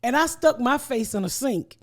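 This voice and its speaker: Middle-aged woman host, high and animated, profane storyteller. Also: moderate pace. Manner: animated, profane, laughs often. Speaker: podcast host. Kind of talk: casual storytelling chat.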